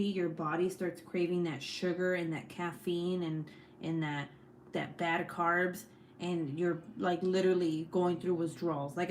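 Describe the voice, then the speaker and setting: Loud, profane woman chatting on a live stream. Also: fairly low pitch, a little hiss or hum. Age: 30s. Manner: loud and profane, laughing often. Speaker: host. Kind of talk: casual live-stream chat.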